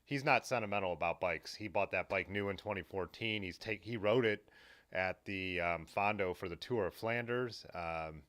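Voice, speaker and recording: Man, very low voice, live-stream host, casual rambling chat, reads comments aloud. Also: moderate pace, fairly bright tone. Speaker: livestream host.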